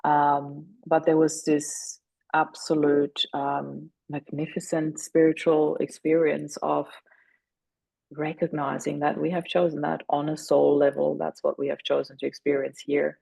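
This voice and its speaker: A woman guest on a podcast, speaking earnestly about a spiritual experience, often pausing and drawing out her words. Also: sits low, level tone, vocal fry, darkish tone, no room sound, poor audio. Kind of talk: reflective personal storytelling.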